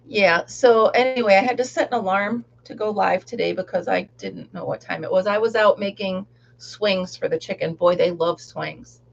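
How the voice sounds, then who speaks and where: A woman's voice: medium pitch, moderate pace, creaky, muffled recording. A middle-aged woman chatting casually on a live stream while she crafts, laughing often and rambling about her day. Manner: chatty, laughs often, sings along softly. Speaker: livestream crafter.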